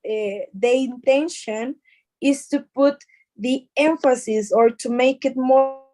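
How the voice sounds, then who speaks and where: A woman's voice: sits high, slow, mellow, no echo, poor audio. A woman with a Mexican Spanish accent teaching an English class, explaining patiently with repeated words and fillers.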